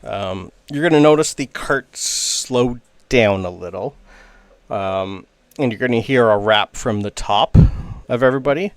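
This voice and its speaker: A man's voice: medium pitch, a bit bright, no echo. Man narrating as a game master. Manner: casual, rambling narration with filler words.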